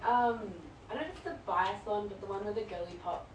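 A woman's voice: medium pitch, fast talker. A woman in the congregation chatting eagerly from off-mic. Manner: chatty, gushing. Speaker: congregation member. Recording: roomy, crowd around, off-mic.

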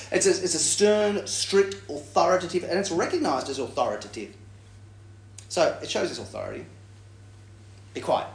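A man giving a Bible teaching talk in a lively way, acting out quoted lines with big jumps in pitch. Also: normal speed, long pauses. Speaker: preacher. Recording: echoey room.

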